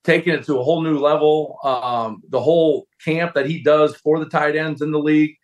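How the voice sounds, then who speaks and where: A man's voice: fairly high pitch, normal speed, highs cut off. A man in his forties, a former football player, telling a long story as a guest and acting out other people's lines. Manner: animated storyteller, acts out voices of coaches. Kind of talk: casual storytelling interview.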